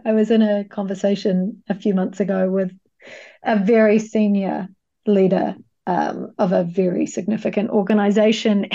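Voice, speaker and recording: Frank New Zealand woman, mellow voice. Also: medium pitch, lo-fi sound. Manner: frank, expressive, casually swearing. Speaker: guest, coach and facilitator. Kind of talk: candid podcast conversation.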